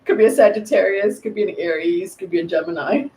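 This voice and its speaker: A woman giving a live tarot reading, rambling and thinking aloud with many pauses and ums. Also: fairly low pitch, mellow, slight background noise. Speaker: tarot reader. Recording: roomy echo.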